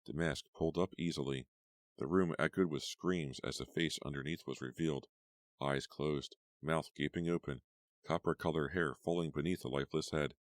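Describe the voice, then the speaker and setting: A man narrating a horror storybook with measured suspense. His voice is extremely low, and the recording is dry and close. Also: fairly even intonation, no room sound. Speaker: audiobook narrator. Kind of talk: scripted narration.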